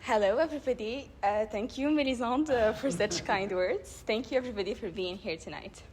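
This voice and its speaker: A woman's voice: a little high, a little mellow. Young woman giving a rhetorical speech. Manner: rhetorical, measured emphasis. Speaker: debate club speaker. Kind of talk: public speech. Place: live event before an audience.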